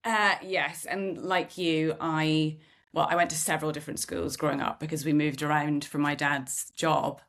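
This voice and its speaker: A middle-aged woman from Scotland, a podcast host, speaking candidly and thoughtfully in relaxed conversation with some self-deprecating humour. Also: low voice, normal speed. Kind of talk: reflective conversational chat.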